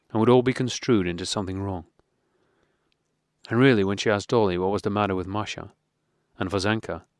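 A man reading a classic novel aloud as an audiobook, in a steady, measured way. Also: on the low side, dry recording, studio quality. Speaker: audiobook reader.

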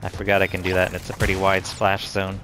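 Man, lower voice, exasperated gameplay commentary, cursing, game music behind. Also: completely flat delivery, fast talker, vocal fry. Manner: frustrated, swearing, talking to the game. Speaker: let's play gamer.

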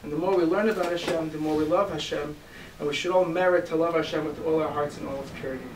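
A rabbi with a high voice preaches a sermon built on stories, acting out each character with lively delivery. He was recorded from some distance in a roomy, echoing hall, with faint hiss under the voice. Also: fast. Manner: animated storyteller who acts out the voices in his stories. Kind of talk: storytelling sermon.

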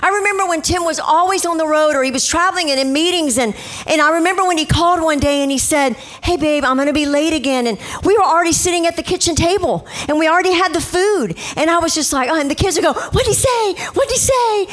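A woman's voice: very high voice, fast talker. A middle-aged woman pastor preaching a sermon, telling family stories and acting out the voices in them. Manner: animated storytelling, acts out quotes. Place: church stage.

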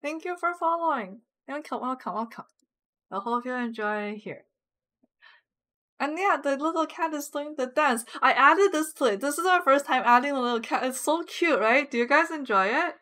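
A woman's voice: high-pitched, lively intonation, normal speed, sharp tone. A young woman streaming a game, chatting casually with viewers, reading chat aloud and giggling often. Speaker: live streamer. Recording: music playing behind the voice.

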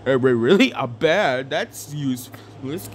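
A man's voice: mid-range voice, lively intonation, a little slow, slight background noise. A young man doing an improvised comedic fan dub, rambling and crude with lots of fillers. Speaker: fan dubber.

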